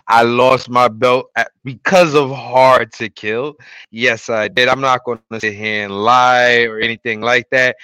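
A man hosting a casual podcast, opening with hype wrestling-style introductions and swinging between loud outbursts and quiet asides. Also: medium pitch, fairly even intonation, takes it slowly, smooth, no echo. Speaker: podcast host.

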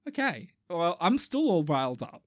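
A man co-hosting a podcast in casual chat, excitable and rambling, swearing freely. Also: fairly high pitch, normal speed, no echo, clean studio sound. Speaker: podcast co-host.

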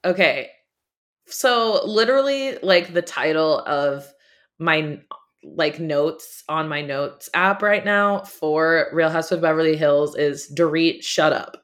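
A woman's voice: deep voice, slow. Gossipy, laughing woman podcast host. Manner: animated, gossipy, laughs often. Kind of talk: casual chat.

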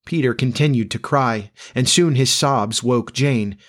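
A man narrating a classic storybook aloud in an ordinary middle-pitched voice. His reading is measured and expressive, paced for listening.

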